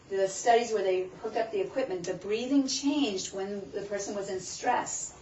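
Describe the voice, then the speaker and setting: A woman's voice: mid-range voice, darkish tone, slight background noise. Woman teaching a workshop from across a room. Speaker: wellness workshop presenter. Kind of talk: live talk to a small audience. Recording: roomy, distant, muffled room recording with faint background.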